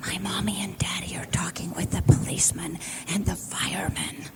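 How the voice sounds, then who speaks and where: A woman's voice: lowish voice, little pitch movement, normal speed. An older woman whispering as a tiny child on the phone. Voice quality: hushed, breathy whisper. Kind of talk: whispered role-play.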